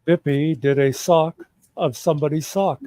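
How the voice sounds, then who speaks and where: Man, live chat guest, measured, halting, slightly high, mellow tone. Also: steady tone, no room sound, poor audio. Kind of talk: casual live-stream chat.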